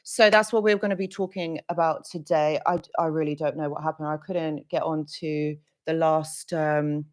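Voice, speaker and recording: A woman's voice: low voice, fairly even intonation, normal speed. A woman hosting a casual live stream as a relationship coach, flustered and effusive, greeting viewers by name.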